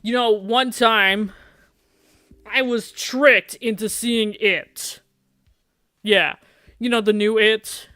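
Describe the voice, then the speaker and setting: A streamer reading a dating game aloud during a live playthrough, animated and jokey, laughing often. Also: mid-range voice, slow, long pauses, dry recording, clean studio sound.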